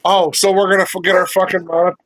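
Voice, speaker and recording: A man's voice: sits high, little pitch movement, brisk, a bit bright. A man co-hosting a podcast, talking over a video call, laid-back, rambling and swearing casually. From United States. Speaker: podcast co-host. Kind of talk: casual chat.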